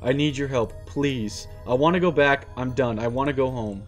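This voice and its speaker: A man reading aloud as a despairing young man, a former high school student trapped in a war, in a pleading, self-pitying way. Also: moderate pace, soft background music, natural voice. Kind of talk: reading a visual novel aloud.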